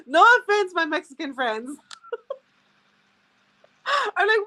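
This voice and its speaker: A woman's voice: extremely high pitch, very animated, takes it slowly, long pauses, bright, forceful tone. A woman chatting casually with viewers as a sales rep, telling stories and laughing often. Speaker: direct sales rep hosting a live stream.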